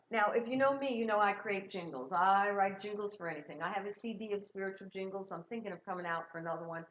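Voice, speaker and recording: A middle-aged woman gives an encouraging sermon in a church sanctuary. Her voice sits at a middle pitch. The recording is a little dull and lo-fi. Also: fast, few pauses, a crowd in the background. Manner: warm, encouraging, leads the congregation in call-and-response. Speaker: guest minister. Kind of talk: sermon with sung jingles.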